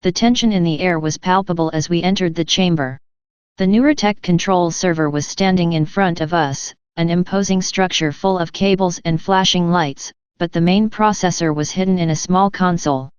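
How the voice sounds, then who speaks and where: A woman reads a science-fiction story in the first person with an even, measured delivery. Her voice is low, very smooth, and clear. The recording is dry and close, with a slightly dull, lo-fi tone. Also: no echo. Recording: dull lo-fi sound.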